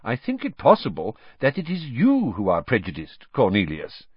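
A man voicing a calm, wise elderly male headmaster wizard who speaks quietly. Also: medium pitch, moderate pace, breathy edge, no echo, lo-fi sound.

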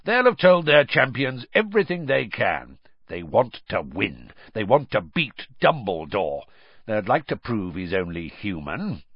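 A man voicing a gruff, suspicious old male wizard who talks in clipped growls, in a muffled lo-fi recording. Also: on the low side, very animated, measured pace, dry recording, full character voice.

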